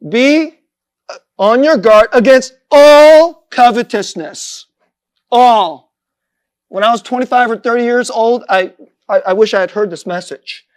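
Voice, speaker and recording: A man's voice: high-pitched, normal speed, smooth. A middle-aged man, a pastor, preaching a sermon in a conversational, self-deprecating way, chuckling often.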